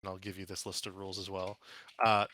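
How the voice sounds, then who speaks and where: A man narrating a tabletop game as game master, casual and relaxed, with plenty of fillers. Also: low-pitched, fast.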